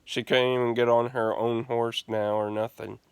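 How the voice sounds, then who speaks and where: Profane man, crisp dry voice. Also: medium pitch, flat delivery, normal speed, dry recording. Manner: profane, laughing, restarts often. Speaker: gaming streamer. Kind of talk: casual storytelling rant.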